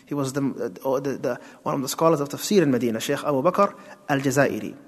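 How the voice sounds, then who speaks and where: A man with a mid-range voice speaks fast while teaching a Quran tafsir lesson, walking through it step by step, posing rhetorical questions and weaving in Arabic terms. He is an Islamic teacher, and the recording carries a long hall reverb.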